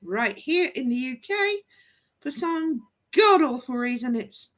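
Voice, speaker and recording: A woman's voice: sits high, animated, a little slow, a bit bright. A woman chatting casually on a live stream as co-host, laughing often and mimicking regional accents.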